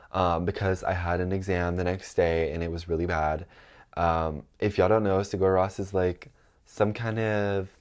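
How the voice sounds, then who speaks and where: A man's voice: deep voice, darkish tone. A young man vlogging in casual chat, rambling with lots of ums and likes, sounding stuffed up. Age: young adult.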